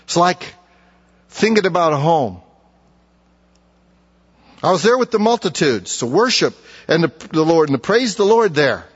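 Male pastor, folksy sermon delivery with dramatic pauses; dull recording in a reverberant church. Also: fairly high pitch, very animated, husky. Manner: folksy preaching, slows for emphasis, acts out mockers. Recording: dull sound with long reverb.

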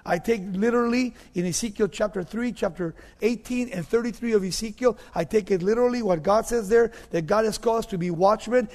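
A high-voiced man preaches a sermon in a hall with a long reverb. He is emphatic, hammers key phrases through repetition, and sinks to hushed, low tones to drive a point home.

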